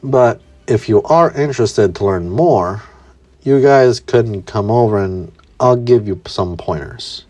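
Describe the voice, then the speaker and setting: A calm, blunt young male super soldier , read by a male narrator, even and unhurried. A fan storybook reading. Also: fairly low pitch, no echo.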